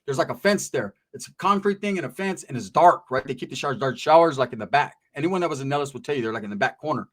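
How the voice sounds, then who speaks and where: A man's voice: medium pitch, expressive, fast, few pauses. A man telling stories in casual, slang-heavy talk, acting out what other people said. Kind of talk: casual storytelling.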